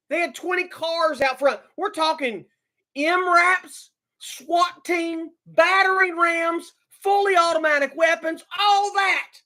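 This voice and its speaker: A woman's voice: a little high, fairly bright tone. A woman hosting a livestream, ranting with anger and indignation, repeating herself and stumbling over restarts. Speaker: livestream host. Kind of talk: ranting live commentary.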